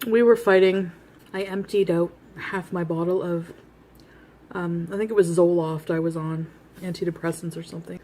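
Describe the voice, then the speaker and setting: A woman's voice: fairly low pitch, fairly even intonation, normal speed, mellow, a little hiss or hum. Blunt woman telling a story while eating. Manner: blunt, rambling, laughs at herself. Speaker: vlogger. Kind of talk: casual storytelling.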